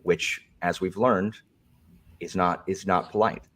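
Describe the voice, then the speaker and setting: A man's voice: sits low, fairly even intonation, slow pace. A man hosting a video call chat in a stiff, overly proper and polite manner. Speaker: host.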